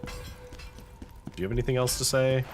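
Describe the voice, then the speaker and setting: A man's voice: mid-range voice, fairly quick, slight background noise. A man casually commenting as he plays a video game, thinking aloud through his choices with wry asides. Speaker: let's-play host.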